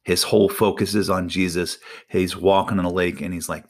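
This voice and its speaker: A man preaching a sermon as pastor, animated, stretching out key phrases for emphasis. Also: low-pitched, fairly quick, few pauses.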